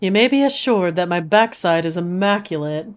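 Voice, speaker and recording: A woman's voice: on the low side, lively intonation, normal speed, soft background music, lightly acted. A woman reading the lines of a stiff, formal adventurer who speaks in dry, old-fashioned phrases.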